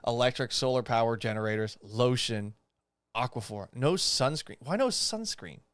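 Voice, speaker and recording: Young man, podcast host, sarcastic and profane, animated pitch, dry close sound. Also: normal speed, no room sound. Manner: sarcastic, mocking, incredulous asides; profane, jumps up in pitch when exasperated. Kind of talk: casual commentary.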